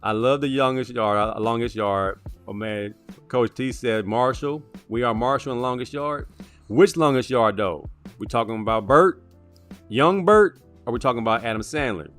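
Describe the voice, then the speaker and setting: A man co-hosting a sports show, talking through favorite movies in a casual, animated way and tacking "man" onto lines. Music plays faintly underneath. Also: mid-range voice. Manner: animated, drawn-out "man" asides.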